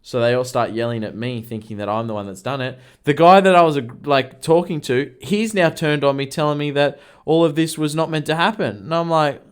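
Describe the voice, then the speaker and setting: A man co-hosting a podcast speaks fairly quickly with few pauses, in a slightly high, clear and resonant voice with fairly even intonation. Casually chatting, he tells blunt work stories and swears freely.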